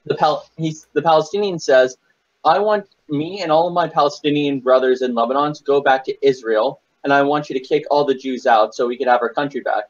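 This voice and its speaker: A man's voice: medium pitch, steady tone, dull audio. A man telling jokes in a casual group chat, stumbling and restarting lines as he goes. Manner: halting, restarts, loose joke delivery. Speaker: podcast regular telling jokes.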